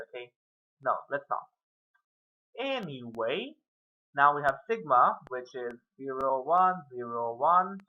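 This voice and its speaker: A man's voice: medium pitch, very animated, takes it slowly, dull audio. A man giving a casual whiteboard math lesson, rambling and muttering self-mocking asides as he works through the steps. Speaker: math tutor.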